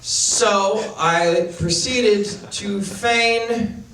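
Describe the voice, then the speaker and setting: A man's voice: sits high, very slow, fairly bright tone. A man doing a stand-up comedy set, telling a self-deprecating story with acted-out inner thoughts. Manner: storytelling, self-deprecating, acts out his own panicked inner voice. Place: comedy venue with live audience. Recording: roomy, distant camera audio with noise. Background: audience laughter.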